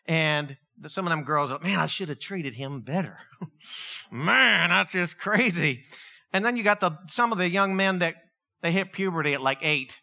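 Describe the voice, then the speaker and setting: A man preaching a conversational sermon, acting out quotes in an animated way. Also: fairly high pitch, normal speed, gravelly. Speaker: pastor.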